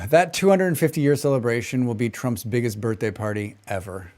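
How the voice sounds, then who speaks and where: A man streaming a game, talking in a relaxed, rambling way with a flat General American accent. His voice is smooth and clean, sitting at an ordinary middle pitch. Between thoughts he hums and scats little tunes to himself. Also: a little fast. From western United States. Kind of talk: casual chat while gaming and reading chat.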